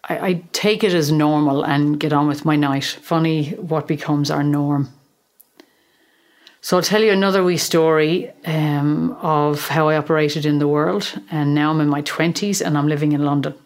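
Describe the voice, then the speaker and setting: A middle-aged Irish woman hosting a podcast, telling a personal story in a measured, gently humorous way. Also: low voice. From Ireland. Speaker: podcast host, therapist. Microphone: podcast microphone in a small room.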